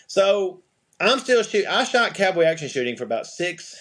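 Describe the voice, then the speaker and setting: A man's voice: sits high, very animated, moderate pace, a bit bright. A middle-aged man, a podcast guest, telling a rambling story in a casual interview, restarting sentences and acting out quoted dialogue. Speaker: podcast guest, eyewear company owner.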